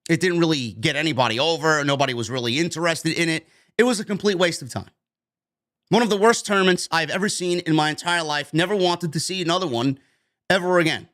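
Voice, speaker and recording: High-voiced, blunt, ranting man. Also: fast, a bit bright. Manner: emphatic and blunt, swears freely. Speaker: wrestling news podcast host. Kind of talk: opinionated news rant.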